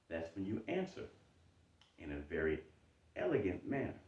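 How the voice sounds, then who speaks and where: Deep-voiced man, lively, echoey distant mic. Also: moderate pace, pauses often. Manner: animated, acts out inner doubting voice in high mocking tones. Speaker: self-improvement coach. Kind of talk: explanatory monologue. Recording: dull roomy sound from mic at a distance.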